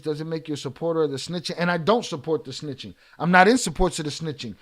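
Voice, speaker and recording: Profane high-voiced streamer, ranting. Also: male voice. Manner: profane, heated, berating chat. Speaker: streamer reacting to chat. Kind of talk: angry livestream rant.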